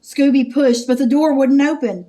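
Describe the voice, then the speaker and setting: A woman teacher from Texas, reading a picture book aloud with expressive narration and sound effects. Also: high-pitched, normal speed.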